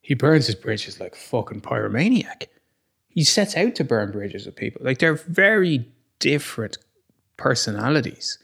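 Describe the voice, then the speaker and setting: A man's voice: medium pitch, very animated, normal speed, vocal fry, a bit bright, husky. A man co-hosting a podcast in casual sports chat, blunt, opinionated and sweary. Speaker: podcast co-host.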